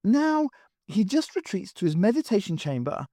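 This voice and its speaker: A woman's voice: medium pitch, very animated, moderate pace, warm tone, no echo, clean studio sound, pitched above the performer's own voice. A woman voicing a young woman, wistful and earnest. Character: young woman, sad about her father.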